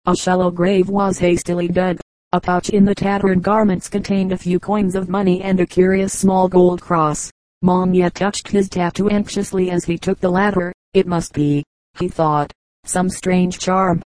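A woman narrates an audiobook in a lowish, level voice. Her reading is steady and measured. The sound is dry and close. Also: no room sound, rough recording. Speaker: audiobook reader.

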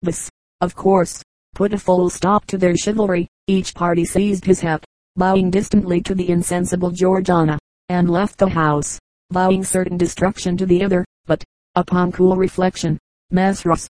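A woman narrating an old book as an audiobook, reading in a measured, even way. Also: fairly low pitch, no echo, low-quality recording.

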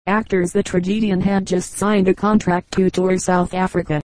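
A woman narrating humorous anecdotes for an audiobook in an even, measured way. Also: on the low side, no echo, low-quality recording. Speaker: audiobook reader.

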